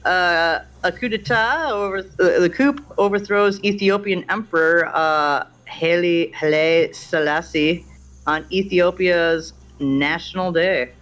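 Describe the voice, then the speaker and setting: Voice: medium pitch, measured pace, hardly any pauses, fairly bright tone, low-quality recording. A co-host of a casual history chat show who talks with many fillers and corrects themselves often. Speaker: podcast co-host.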